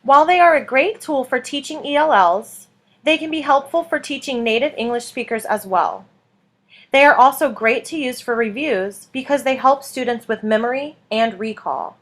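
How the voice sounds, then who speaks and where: Clear, measured woman teaching. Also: sits high, fairly bright tone. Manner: clear, measured, stressing each word in the chants. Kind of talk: scripted instructional narration.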